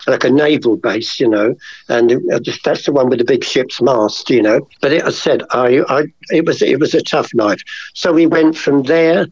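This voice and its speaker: A man's voice: mid-range voice, darkish tone, breathy edge, dry recording. An older man, a painter telling long rambling stories about his childhood as an interview guest. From England. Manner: rambling, chatty, many asides. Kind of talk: casual storytelling interview. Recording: slightly dull lo-fi audio.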